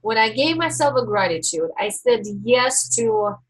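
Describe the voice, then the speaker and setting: A woman coach talks through her steps at an unhurried, careful pace on a live stream. Her voice sits a little high and has a soft, husky, breathy grain. She teaches in a deliberate way and pauses to reflect. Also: big pitch swings, rough recording. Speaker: life coach.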